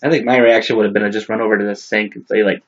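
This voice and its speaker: A man's voice: lowish voice, level tone, very fast, highs cut off. A man who is a guest on a podcast, making laid-back, dry remarks in casual chat.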